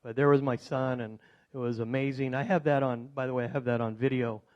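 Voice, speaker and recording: A man's voice: medium pitch, a little fast, dull audio. Man telling a rambling personal story. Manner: rambling, many fillers and restarts; grows loud and excited when recounting surprises. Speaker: speaker at a club meeting. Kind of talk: personal story told to an audience.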